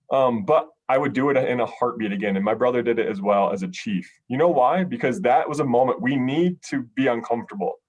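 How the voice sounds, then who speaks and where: A middle-aged American police sergeant telling a personal story in a podcast conversation, earnest and emotional, with frequent ums and restarts. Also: male voice, medium pitch. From United States.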